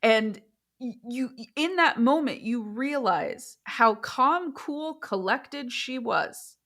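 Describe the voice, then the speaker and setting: A woman's voice: fairly high pitch, slow pace. Woman therapist telling a story on a podcast. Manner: storytelling, animated when quoting. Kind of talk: casual podcast chat.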